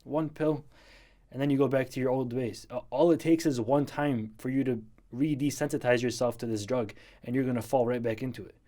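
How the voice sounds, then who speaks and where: A man's voice: mid-range voice, fairly even intonation, a little fast, warm tone. A man giving blunt, earnest advice to a viewer in a casual vlog, repeating his points for emphasis. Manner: blunt, tells it like it is.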